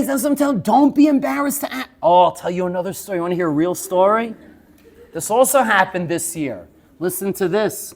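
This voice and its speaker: Animated man telling stories in a class. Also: sits high, brisk, vocal fry. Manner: lively storyteller, keeps asking "yes?"; laughs while telling stories. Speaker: teacher. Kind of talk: lecture to students.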